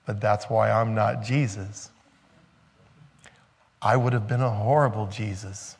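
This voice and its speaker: A man preaching a sermon in a relaxed, conversational way. His voice sits at an ordinary middle pitch. He slows down to stress points and breaks off into joking asides and laughter. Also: vocal fry, breathy edge, long reverb tail. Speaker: pastor.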